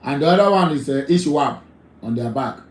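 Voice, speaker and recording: A man's voice: mid-range voice, expressive, brisk, echoey room, poor audio. A Nigerian man hosting a live call-in talk show, emphatic, often repeating his phrases.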